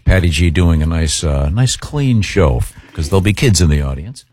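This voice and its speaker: A man's voice: sits low, lively intonation, normal speed, darkish tone, husky. A man hosting morning radio banter, rambling a little and laughing easily. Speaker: radio show host.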